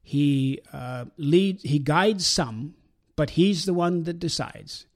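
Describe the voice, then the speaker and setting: A man calmly explaining religious ideas in a talk show discussion, pausing often with fillers. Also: fairly high pitch. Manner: measured, explanatory, with many pauses and fillers. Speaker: guest speaker explaining Islam.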